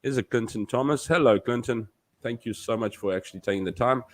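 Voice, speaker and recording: A man's voice: medium pitch, a little fast. A man hosting a live stream, chatting casually, rambling and joking as he reads out the chat.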